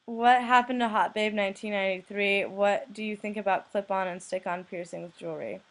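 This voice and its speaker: A young woman from the United States, a blogger who reads anonymous messages aloud in a flat, deadpan way. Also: medium pitch, brisk. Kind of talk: reading messages aloud to camera.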